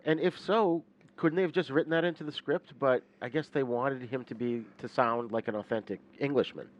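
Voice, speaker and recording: A man in relaxed podcast conversation about films, reeling off titles and musing aloud with the odd "um". His voice sits at an average pitch and comes through a dull, lo-fi recording. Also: a little fast, a little hiss or hum. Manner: conversational, lists titles, filler words. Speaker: podcast co-host. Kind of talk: casual film discussion.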